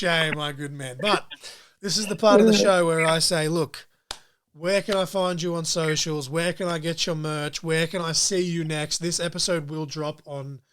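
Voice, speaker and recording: A man's voice: a little high, fairly bright tone, slight background noise. A man hosting a podcast interview in a chatty, jokey manner, laughing often. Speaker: podcast host. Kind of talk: casual interview chat.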